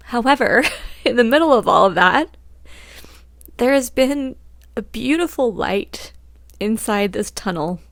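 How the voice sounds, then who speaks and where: A woman's voice: mid-range voice, gravelly, no echo. A woman hosting a podcast, talking candidly about her life with frequent laughs, fillers and restarts, and a little choked up. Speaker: podcast host. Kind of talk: casual personal talk.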